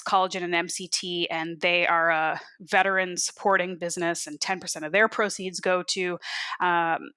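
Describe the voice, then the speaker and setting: A woman's voice: fairly low pitch, sharp tone. A woman hosting a podcast, chatting casually and upbeat with plenty of fillers. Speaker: podcast host.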